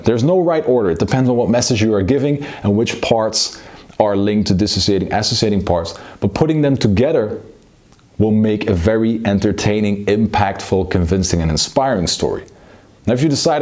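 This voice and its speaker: A man teaching public speaking, moving between a slow low delivery and a fast excited one to show the difference. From Belgium. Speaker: speaking coach. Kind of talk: public speaking lesson with demonstration.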